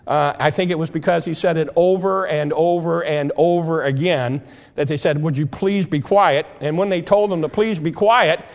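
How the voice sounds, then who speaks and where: A man preaching a sermon in a somewhat high voice. He works through scripture verse by verse, tripping over and repeating words as he explains. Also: normal speed.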